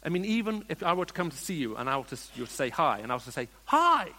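A man preaching a sermon, slipping from hushed storytelling into emphatic, rising questions put to his listeners. His voice sits a little high for a man, and a long reverb from a large hall trails after each phrase. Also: expressive, very fast.

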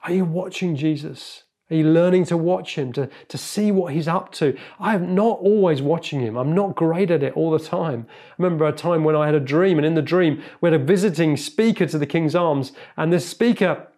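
Brief: male pastor, high voice, animated, earnest delivery. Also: moderate pace. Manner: earnest and animated, with frequent repeated words. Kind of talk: sermon.

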